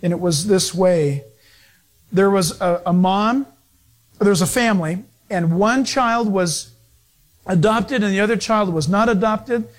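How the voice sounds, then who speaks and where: A man preaching a sermon as a pastor, telling stories in an animated way and acting out the people in them. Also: sits high, a little slow. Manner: animated storytelling with acted-out quotes.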